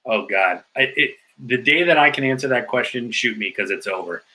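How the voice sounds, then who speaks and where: Bright-voiced animated male storyteller. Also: medium pitch, brisk, poor audio. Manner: animated storyteller with many filler likes. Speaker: guest. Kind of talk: casual podcast interview storytelling.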